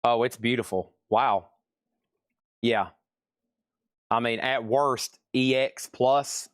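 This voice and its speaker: A man's voice: medium pitch, steady tone, takes it slowly, smooth, no room sound, studio quality. A man hosting a live-stream vinyl sale, chatting casually as he reads out buyers' names, prices and the condition of each record. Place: record shop.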